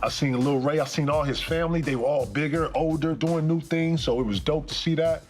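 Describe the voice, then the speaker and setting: A man's voice: on the high side, fast talker, a little mellow, soft background music. A man speaking as a guest in a casual interview, talking in a reflective, loose and profane way.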